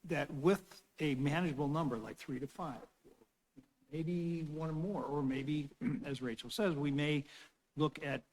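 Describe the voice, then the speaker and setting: A man's voice: a little high, measured pace, a little mellow. Rambling male councilor in an echoing chamber. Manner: rambling, full of fillers and restarts. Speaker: city councilor. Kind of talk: formal meeting talk.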